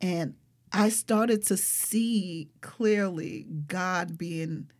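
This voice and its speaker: A young adult woman speaking as an interview guest, telling a personal story in an animated, expressive way and often saying "like". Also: fairly low pitch, very slow. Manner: animated, expressive, frequent fillers like "like".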